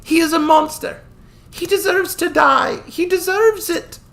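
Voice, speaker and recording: Proud, grieving young warrior woman, put on by a male reader, high and tearful, pitched way up from his own gravelly voice, storybook reading. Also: fairly even intonation, a little slow, fairly bright tone, full character voice. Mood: sobbing.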